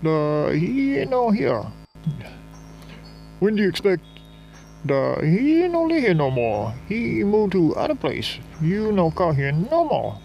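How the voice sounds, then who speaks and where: A man putting on a goofy fake foreign accent, clipped broken-english replies that jump wildly up and down in pitch, faint music behind. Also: wildly swooping pitch, very fast, creaky, few pauses, muffled recording, exaggerated voice. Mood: evasive. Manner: broken grammar, clipped answers, feigned confusion. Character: man faking a clumsy foreign accent on the phone.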